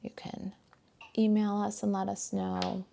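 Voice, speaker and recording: A woman's voice: medium pitch, level tone, unhurried, vocal fry, warm tone, slight background noise. A woman demonstrating card stamping live from her home craft desk, chatting casually with viewers as she works. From United States. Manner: chatty, friendly, talks to viewers and her dog while working.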